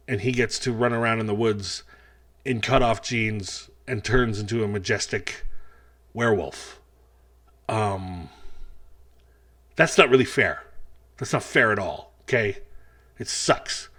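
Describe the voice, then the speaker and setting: A man's voice: mid-range voice, fairly bright tone. A middle-aged man doing a stand-up set for a virtual festival, rambling and self-deprecating with a wry edge. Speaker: stand-up comedian.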